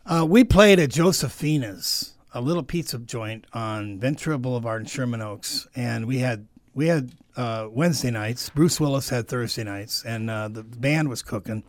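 A man's voice: medium pitch, moderate pace, no echo. A man who is a musician, telling playful stories as a guest on a radio talk show in a studio. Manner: playful storyteller. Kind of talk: casual radio banter. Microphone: studio mic.

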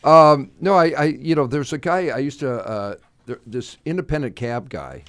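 A man's voice: on the high side, moderate pace, fairly bright tone, no room sound. A man who is a comedian, guesting on a radio talk show and cracking jokes in a studio. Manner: joking, wisecracking. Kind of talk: casual radio banter. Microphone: studio mic.

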